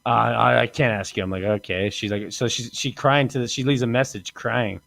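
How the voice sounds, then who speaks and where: Here the host's medium-pitched voice is creaky and a bit bright, moving a little fast with hardly any pauses. He tells crude, meandering stories on his podcast, laughing frequently and playing out what others said.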